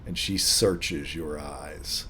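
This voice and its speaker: A man narrating a tabletop roleplaying game as game master, relaxed and unhurried. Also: rumbling low, a little hiss or hum.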